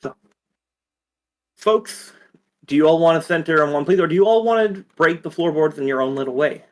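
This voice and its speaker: A man's voice: on the high side, fast. A man narrating as dungeon master for a tabletop game, rambling with fillers.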